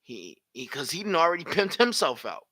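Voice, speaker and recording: A young man giving blunt, profane live reaction commentary full of slang and loud outbursts. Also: a little high, sing-song, a little fast, no room sound.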